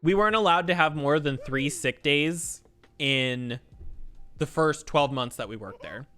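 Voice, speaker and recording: A man's voice: a little high, a little slow, sharp tone. A man streamer telling a story in a casual, ranting way, swearing a lot.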